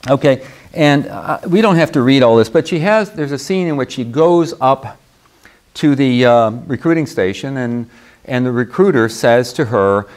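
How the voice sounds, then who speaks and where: A man's voice: mid-range voice, lively intonation, normal speed, a little mellow. A man teaches a university writing seminar in a classroom, with an everyday mid-range voice. He rambles, restarts phrases and keeps tossing "okay?" at his students. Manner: rambling, frequent restarts and "okay?" check-ins. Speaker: creative writing professor.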